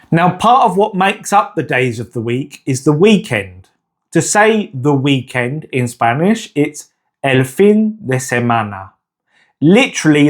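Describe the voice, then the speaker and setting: Slow, lively-voiced man teaching a lesson. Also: on the high side. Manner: slow, patient, repeats words for the listener to echo; encouraging. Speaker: Spanish teacher. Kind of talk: beginner language lesson.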